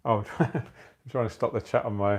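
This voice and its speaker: Gravelly-voiced tired man chatting. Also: mid-range voice, fairly even intonation, brisk. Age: 40s. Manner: jokey, chatty, laughs at his own jokes. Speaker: aquascaping channel host. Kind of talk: casual livestream chat with viewers. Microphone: phone used for the livestream.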